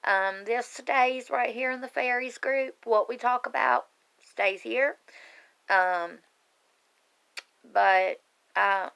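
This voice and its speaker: Earnest woman with a gravelly, resonant voice. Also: a little high, takes it slowly, pauses often, a bit bright. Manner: earnest and emotional, rambling, addresses viewers directly. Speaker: online group member sharing her life story. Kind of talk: casual heartfelt live video talk.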